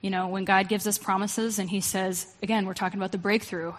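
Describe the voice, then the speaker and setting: A woman's voice: mid-range voice, a little fast, few pauses, in a large hall. Chatty woman preaching casually. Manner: conversational, animated, lots of fillers and asides. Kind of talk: casual sermon with Bible reading.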